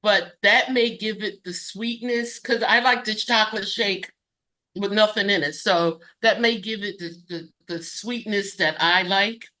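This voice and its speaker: A woman guest casually demonstrating a recipe and telling her story, halting and correcting herself often. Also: medium pitch, pushed and bright. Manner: halting, self-correcting, many fillers.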